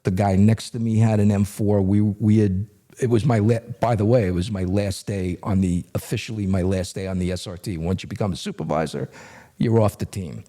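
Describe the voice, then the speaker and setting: A middle-aged man, a retired federal agent, telling a story in an animated, conversational way as a guest. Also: fairly low pitch, fairly quick. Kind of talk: storytelling in a podcast interview.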